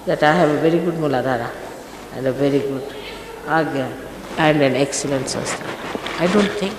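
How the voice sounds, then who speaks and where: Deep-voiced and speaking at a moderate pace, a woman spiritual teacher delivers an emphatic, admonishing talk to her followers. The archive recording was made in a large hall, so it echoes and carries faint noise.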